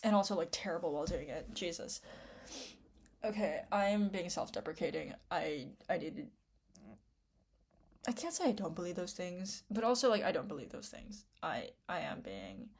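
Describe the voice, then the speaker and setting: A woman's voice: lowish voice, very animated, normal speed, darkish tone, breathy edge. A young woman rambling to camera in an unedited vlog, tearful, with many fillers, restarts and self-interruptions. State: tearful after crying. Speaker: vlogger.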